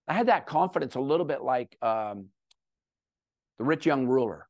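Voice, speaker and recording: A middle-aged man giving a talk to an audience, telling a personal story with animated, self-deprecating humor. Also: a little high, moderate pace, creaky, pauses often, no room sound, studio quality. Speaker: guest speaker.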